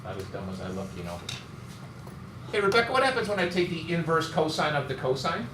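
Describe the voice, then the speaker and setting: A man's voice: fairly high pitch, very animated, fairly quick. A man teaching a math class, joking and teasing his students as he works through problems. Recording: echoey classroom, some noise.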